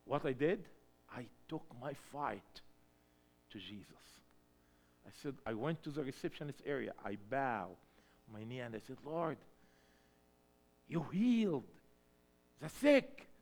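A man preaching a sermon in English, which is not his first language, swinging between loud emphatic cries and hushed storytelling. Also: mid-range voice, a little slow, pauses often. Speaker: pastor.

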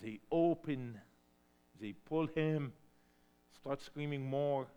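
A man preaching a sermon in English, which is not his first language, swinging between loud emphatic cries and hushed storytelling. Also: fairly high pitch, slow, smooth, muffled recording. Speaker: pastor.

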